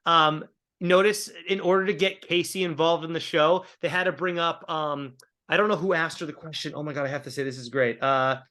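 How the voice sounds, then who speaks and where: A man's voice: on the high side, fairly even intonation, brisk, sharp tone. A man co-hosting a casual TV recap chat, talking in a rambling, opinionated way. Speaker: co-host.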